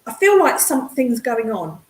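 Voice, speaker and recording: High, animated woman hosting a chatty live stream, echoey room. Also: moderate pace. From English Midlands. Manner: excitable, chatty, calls viewers darling and hun. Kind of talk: casual livestream chat with viewers. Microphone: computer mic on a streaming setup.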